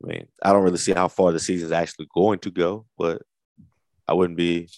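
A man with a low voice giving a relaxed, measured take on a football team. The sound is dry and close, and he talks unhurried, leaning on small fillers as he works through his point. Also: no echo. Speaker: podcast co-host. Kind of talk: casual sports talk.

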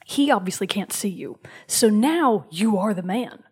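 A woman hosting a show, casually recounting a video game story and dropping into a soft whisper for emphasis. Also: medium pitch, lively intonation, a little slow, slightly rough. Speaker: show host.

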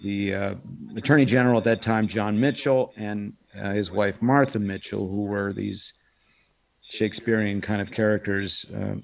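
Animated storytelling middle-aged man. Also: fairly low pitch, normal speed, vocal fry. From United States. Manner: animated storyteller, drops into quoted voices. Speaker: guest, voice actor and impressionist. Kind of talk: casual interview chat.

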